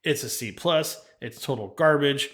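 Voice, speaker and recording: A man co-hosts a podcast and hands out blunt grades in a casual, slightly exasperated tone. He sounds relaxed and plain, dropping slang as he talks. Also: a little high, moderate pace. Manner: blunt, exasperated, says bro. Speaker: podcast co-host. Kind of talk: casual chat, giving match ratings.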